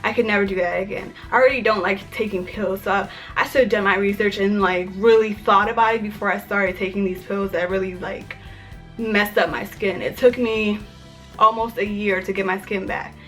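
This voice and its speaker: A woman's voice: medium pitch, fairly even intonation, normal speed. A young woman from Maryland telling a personal story in a casual vlog, chatty and full of "like". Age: young adult. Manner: chatty, filler-heavy with frequent "like". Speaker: vlogger. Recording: faint music under the voice. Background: soft background music.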